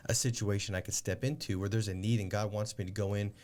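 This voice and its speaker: Guy cohosting a podcast, lowish voice, thinking out loud, says "like" a lot. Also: fairly even intonation, fast talker. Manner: reflective, lots of "like" fillers. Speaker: podcast co-host. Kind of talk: casual chat.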